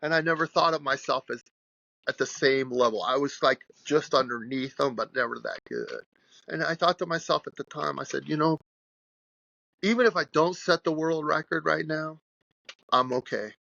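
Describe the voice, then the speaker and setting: A man in his sixties, a guest strength coach, telling an animated, rambling story in a podcast interview. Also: on the high side, moderate pace, creaky, no room sound, dull audio. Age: 60s.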